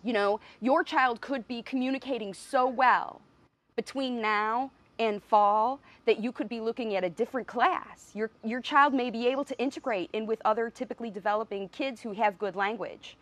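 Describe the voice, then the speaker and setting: A woman's voice: fairly high pitch, moderate pace, a bit bright. A middle-aged woman, a speech pathologist, speaking earnestly and with emotion to viewers of her live video, laughing now and then. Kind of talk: emotional live stream address. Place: standing outside by a window.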